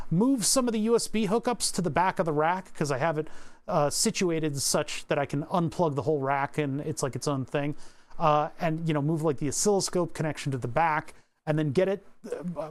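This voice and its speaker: A man chatting casually on a livestream from his home workshop, rambling and often restarting his sentences. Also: a little high. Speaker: streamer.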